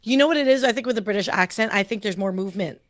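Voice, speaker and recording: An American woman chatting casually from her home office, animated and rambling, with lots of fillers. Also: medium pitch, very fast, no echo, studio quality. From United States. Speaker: podcast host. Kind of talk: casual chat.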